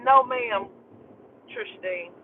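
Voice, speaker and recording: A man with a high voice tells a story in an animated and profane way, throwing out exclamations as he streams from his car. The sound is thin and phone-like, with a faint hum of the vehicle underneath. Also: drawn-out words. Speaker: live streamer. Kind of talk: casual live-stream storytelling. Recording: tinny phone audio with faint vehicle noise.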